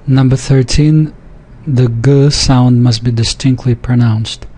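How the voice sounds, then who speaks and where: A man's voice: medium pitch, steady tone, takes it slowly, mellow, slightly rough. A man teaching a pronunciation lesson, going through numbered examples methodically and repeating each sentence. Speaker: language teacher.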